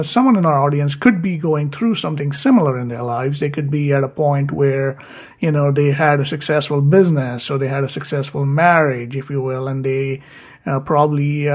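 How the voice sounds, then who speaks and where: A man hosting a podcast, asking long questions haltingly with many fillers. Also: a little high, darkish tone. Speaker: podcast host. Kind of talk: interview questions.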